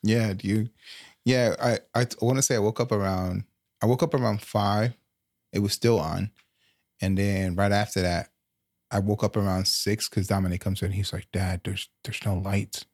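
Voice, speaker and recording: Low husky man telling stories. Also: moderate pace, dry recording, clean studio sound. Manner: profane, storytelling, animated. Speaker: podcast co-host. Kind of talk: casual chat.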